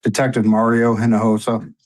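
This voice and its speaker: A man's voice: mid-range voice, flat delivery, brisk, darkish tone, low-quality recording. A man serving as a police detective, giving sworn testimony and reading out facts in a procedural way.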